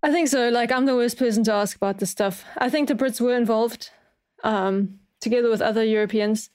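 A woman's voice: a little high, brisk, darkish tone, clean tone. A woman with a South African accent whose first language is German, chatting casually as a podcast host in a self-deprecating way. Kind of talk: casual chat.

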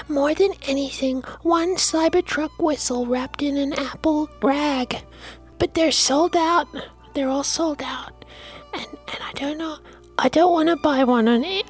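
Brief: woman playing a tiny childish whiner, very high-pitched and slow, faint music under. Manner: whiny, squeaky, childish. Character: tiny whiny baby-man elf-sized character.

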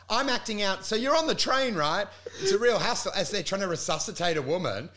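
A man's voice: high voice, fast, gravelly, a crowd in the background. A man co-hosting a comedy podcast, ranting crudely and acting out voices in casual chat. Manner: animated, crude, ranting with acted-out quotes.

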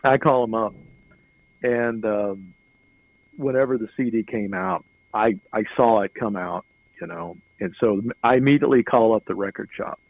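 Middle-aged man, interview guest, loose chuckling anecdote, dry close sound, medium pitch. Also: moderate pace, vocal fry, no echo, low-quality recording. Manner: rambling, chuckling, repeats words as he goes. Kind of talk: casual anecdotal storytelling.

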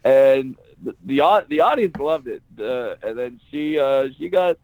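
A man's voice: medium pitch, expressive, measured pace, no room sound, phone-quality sound. A male stand-up comedian on a podcast interview, casually telling blunt, profane stories and acting out the people he quotes.

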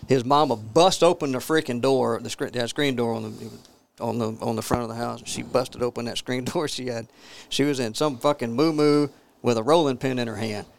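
A man's voice: medium pitch, fairly even intonation, a little fast, gravelly. A man who used to be a police officer, telling a profane story. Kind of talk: casual storytelling.

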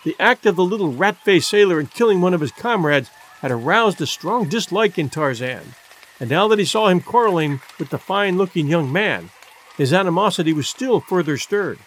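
Expressive male audiobook narrator. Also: sits high. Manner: measured, expressive storytelling. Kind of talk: scripted narration.

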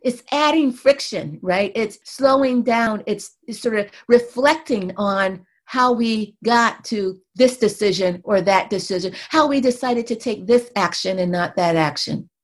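A woman's voice: medium pitch, unhurried, few pauses. A woman researcher and mother, a guest in an interview, explaining at length and often checking in with "right?" and "you know".

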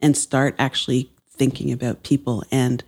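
Podcast guest: a woman pastor with a very deep, mellow voice and an earnest, sermon-like delivery. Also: level tone, moderate pace. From Canada. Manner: earnest, preaching cadence. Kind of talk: podcast conversation.

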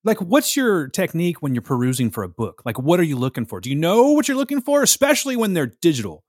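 A man hosting a casual chat, asking quick, playful, self-deprecating questions. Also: a little high, big pitch swings, darkish tone, no echo, clean studio sound.

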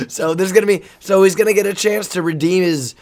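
This volleyball coach's voice sits high and moves quickly as he chats on a podcast. His storytelling is casual, animated and rambling, full of restarts.

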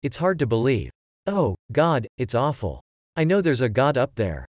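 A man's voice: mid-range voice, sing-song, moderate pace, no echo, clean studio sound, lightly acted. A man voicing a terrified young man who pleads that he needs a doctor. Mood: distraught. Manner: distraught, pleading, panicky.

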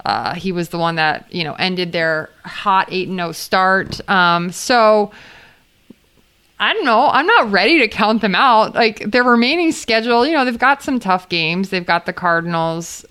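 A young woman co-hosting a sports podcast, giving measured, thoughtful takes. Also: mid-range voice, lively intonation, pushed and bright, clear, resonant tone. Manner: measured, thoughtful, some fillers. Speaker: podcast co-host. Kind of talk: casual sports chat.

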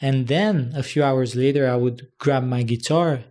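A host in casual talk speaks in a middle pitch, trading brief reactions with a guest. They tell a reflective personal story in an easygoing way. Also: measured pace, warm tone. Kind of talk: casual conversation.

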